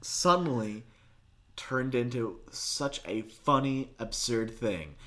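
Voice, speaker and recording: A man's voice: lively intonation, takes it slowly, sharp tone. A man co-hosting a casual chat, teasing and playful as he asks questions. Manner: teasing, playful questioner with wide swings in pitch.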